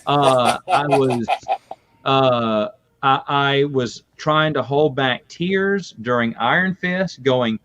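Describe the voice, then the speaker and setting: A man chatting casually as a podcast guest, telling lively stories and laughing often. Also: mid-range voice, slow pace. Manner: lively storytelling with frequent laughs. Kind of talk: casual chat. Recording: muffled lo-fi audio.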